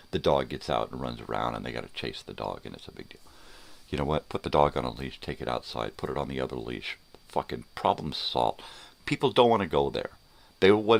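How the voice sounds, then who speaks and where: Very deep gravelly older man ranting. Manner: profane, blunt ranting. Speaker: vlogger. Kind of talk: ranting morning vlog.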